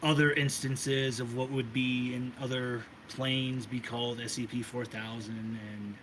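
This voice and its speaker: A man game-masters a tabletop role-playing game, narrating in a casual, profane, lively way. His voice is mid-range and unhurried, with a noisy background behind him.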